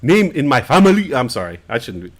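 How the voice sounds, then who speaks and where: A man's voice: medium pitch, very animated, fast. A man hosting a live-stream talk show, chatting casually with rambling jokes and plenty of swearing. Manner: rambling, joking, profane. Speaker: host. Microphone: headphones and desk mic at home stream.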